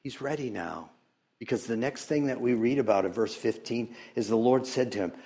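A man preaching a sermon, swinging between loud emphatic bursts and hushed, near-whispered passages, with frequent chuckles and hesitant restarts. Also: medium pitch, fairly quick. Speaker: pastor.

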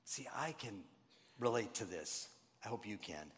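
A man preaching a conversational sermon, telling stories with animated asides and frank self-deprecating remarks. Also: lowish voice, a little slow, slightly rough, big-room sound. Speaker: pastor.

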